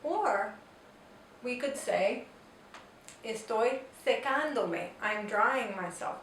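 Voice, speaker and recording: A woman's voice: on the high side, animated, slow pace, a bit bright. A woman teaching a Spanish grammar lesson, explaining patiently and step by step with example sentences. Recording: roomy echo, distant mic, faint noise.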